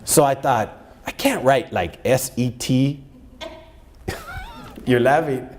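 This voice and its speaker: A middle-aged man telling a personal story to an audience in an animated way, dropping Spanish phrases into his talk. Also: medium pitch, takes it slowly, slight background noise. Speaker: speaker addressing college staff.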